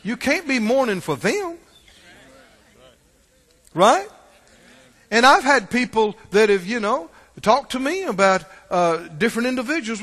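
A man delivers a sermon to his congregation in a notably high, bright voice. He builds to fervent shouts, then falls to quiet, low asides. He keeps checking in with the listeners between points. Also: sing-song, a little slow, in a large hall. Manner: call-and-response asides like "Right?" and "Huh?". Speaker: pastor.

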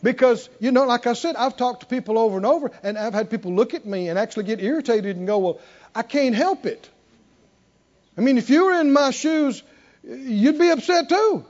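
A man preaching a sermon who moves from quiet, intimate storytelling to loud, emphatic exhortation and leads the congregation in call-and-response. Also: extremely high pitch, fairly quick, lo-fi sound.

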